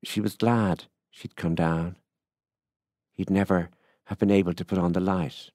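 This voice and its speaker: A man reading a literary short story aloud in a measured, unhurried way. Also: deep voice, steady tone, a little mellow, no room sound, clean studio sound.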